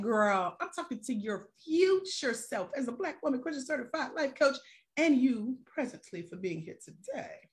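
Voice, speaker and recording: A woman life coach on a live stream who talks straight to her viewers with casual slang and rhetorical questions. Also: fairly high pitch.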